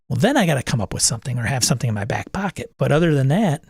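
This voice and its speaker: A man's voice: medium pitch, rapid-fire, few pauses, husky, dry recording, studio quality. A man hosting a casual chat about running tabletop games, telling stories and acting out his players' lines. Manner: animated storyteller who acts out players' quips. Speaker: game master and podcast host.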